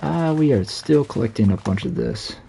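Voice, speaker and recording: A man's voice: mid-range voice, animated, normal speed, creaky, mellow, slightly rough. A young man with a Southern US accent, chatting casually and rambling with many fillers while he streams a game. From Southern United States. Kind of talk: casual live-stream chat while playing.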